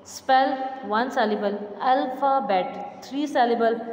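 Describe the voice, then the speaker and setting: A woman teacher, going slowly through a revision lesson and repeating each answer word by word. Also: fairly high pitch, fairly even intonation, darkish tone, lo-fi sound. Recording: echoey room, faint background hum.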